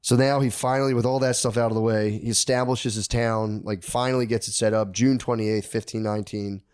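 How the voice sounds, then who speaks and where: A man's voice: on the low side, fairly even intonation, a little fast, darkish tone, smooth. A man on a podcast telling a history story in casual, profane slang, acting out the characters' lines.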